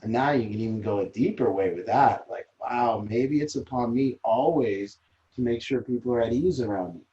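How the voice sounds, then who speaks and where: A man's voice: medium pitch, normal speed, warm tone, lo-fi sound. A man leading a recovery support group, talking earnestly and emphatically, often repeating phrases as he explains. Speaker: group leader.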